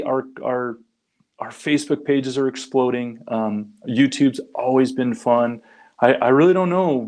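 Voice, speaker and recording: A man's voice: mid-range voice, a little mellow. Rambling middle-aged man telling a story. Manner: rambling anecdotal storyteller, frequent restarts and acted quotes. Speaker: guest, founder of a crayfishing group. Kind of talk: casual storytelling interview.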